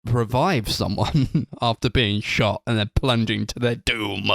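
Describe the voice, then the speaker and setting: A man co-hosting a casual film review chat, retelling scenes in an animated way and acting out the characters' lines. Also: medium pitch, a little slow, gravelly, no room sound, clean studio sound. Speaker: film podcast co-host.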